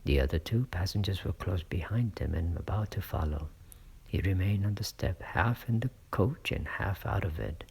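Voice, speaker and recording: A man reading a classic novel aloud as a narrator, in a hushed storytelling manner. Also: low voice, lively intonation, moderate pace, creaky, husky. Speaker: audiobook reader. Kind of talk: scripted narration.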